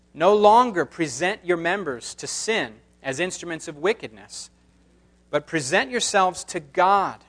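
A man's voice: a little high, fairly bright tone. A man pastor reading scripture and preaching a sermon with emphatic, impassioned delivery.

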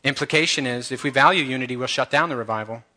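A man's voice: mid-range voice, fast, pushed and bright. A man who is a church elder, preaching an earnest and impassioned sermon straight to his congregation.

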